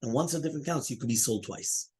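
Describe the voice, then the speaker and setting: A man's voice: mid-range voice, quick pace, a little mellow, breathy edge. A man who is a rabbi leading a Talmud study class, explaining step by step, fielding students' questions and often checking in with "right?".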